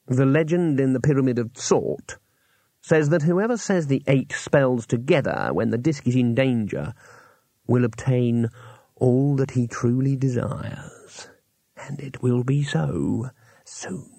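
An impatient, scheming male wizard, as a man reads him in an audiobook, with a curt, irritable manner and a husky voice. The sound is close and dry. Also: mid-range voice, takes it slowly, dark tone, dry recording. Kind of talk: audiobook character voice.

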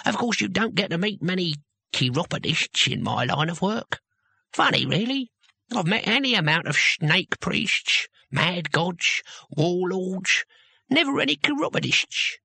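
A man voicing a touchy, toothless old male barbarian hero in a storybook reading, talking gruffly and with sarcasm. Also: high voice, sing-song, a little slow, sharp tone, dry recording, voice pushed up, heavily acted. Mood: rambling.

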